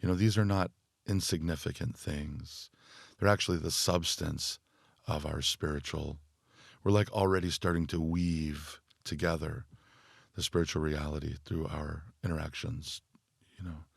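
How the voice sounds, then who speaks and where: Deep gravelly-voiced male guest. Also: steady tone, moderate pace, dry recording, clean studio sound. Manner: thoughtful, speaks in loose phrases with many fillers. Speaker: guest, musician and spiritual teacher. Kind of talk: reflective podcast conversation.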